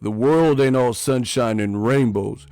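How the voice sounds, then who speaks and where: A man's voice: medium pitch, a little slow, a little mellow, smooth, no echo, lightly acted. A man putting on the voice of a tough, mumbling older male boxing mentor with a slurred tough-guy delivery. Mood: gritty lecturing.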